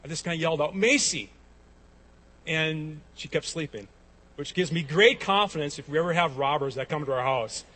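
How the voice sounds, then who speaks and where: A pastor preaches a sermon. His voice sits a little high for a man, and he tells stories with many restarts before rising to emphatic peaks. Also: brisk, a bit bright. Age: 40s.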